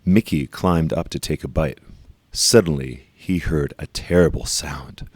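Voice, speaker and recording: A man with an extremely deep voice reads a children's storybook aloud. He leans slowly and emphatically on repeated phrases, and the sound is close and dry. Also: a little mellow, no echo.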